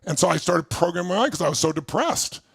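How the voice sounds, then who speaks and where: A man's voice: high-pitched, lively intonation, fast talker, creaky, a bit bright, breathy edge, no room sound. A man from Southern California giving an intense motivational talk, telling his own story to a live crowd. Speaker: motivational speaker.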